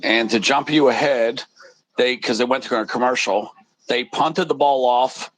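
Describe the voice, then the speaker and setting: A man's voice: mid-range voice, moderate pace, fairly bright tone, low-quality recording. A man co-commenting a football game in casual chat, telling stories in a rambling, laid-back way.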